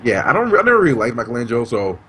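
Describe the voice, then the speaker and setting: A man's voice: mid-range voice, very animated, rapid-fire, over a noisy crowd. A man co-hosting a podcast in casual chat, asking lots of questions and laughing often. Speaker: podcast co-host.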